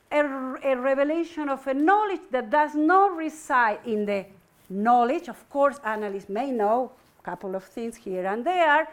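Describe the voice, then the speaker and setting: Female lecturer, middle-aged, high-pitched voice, hesitant academic delivery full of restarts and fillers.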